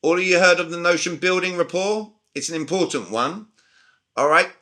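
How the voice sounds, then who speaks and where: A man's voice: high-pitched, normal speed, bright, forceful tone. A man in his forties with a British accent, coaching a group over a video call with emphatic questions. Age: 40s. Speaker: communication coach. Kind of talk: live online sales training.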